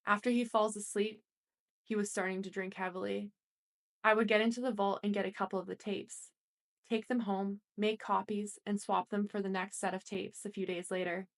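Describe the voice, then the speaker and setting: A woman reads a first-person story aloud as an audiobook narrator. Her delivery is plain and steady, and she voices quoted lines only lightly. Her voice sits at a middle pitch. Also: normal speed.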